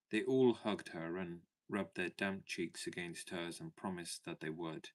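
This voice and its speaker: A man reads a classic children's story aloud with measured, clear storytelling. His voice sits very low and steady. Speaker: audiobook narrator. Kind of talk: scripted storybook narration.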